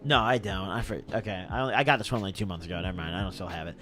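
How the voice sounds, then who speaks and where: A man's voice: low voice, racing, soft background music. A young man, intoxicated, telling a story on a stream in a casual, slangy way and laughing as he goes. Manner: animated, slangy, laughs through his story.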